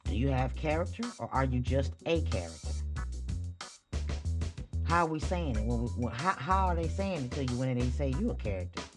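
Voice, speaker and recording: Low-voiced woman preaching self-worth casually. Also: lively intonation, a little fast, music in the background. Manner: casual, preachy, rhetorical questions, frequent chuckles. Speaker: podcast host. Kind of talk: spiritual motivational talk. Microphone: studio microphone.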